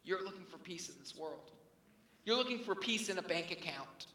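A man in his thirties delivers a sermon in a bright, forceful voice pitched a little high. He is earnest, builds to emphatic peaks and then drops to hushed near-whispers. The sound is a roomy hall with a long reverb tail. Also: animated, normal speed. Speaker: pastor.

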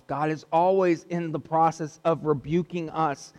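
A man's voice: a little high, fairly even intonation, a little slow, few pauses, a little mellow, big-room sound. A man preaching a sermon in an earnest way, repeating key points for emphasis.

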